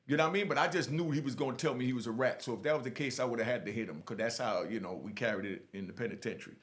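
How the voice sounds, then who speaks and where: A man telling a first-person prison story in a casual, animated way, often checking in with the listener. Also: medium pitch, very fast. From Jamaica. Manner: animated, keeps saying "you know what I mean". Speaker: storyteller recounting prison life.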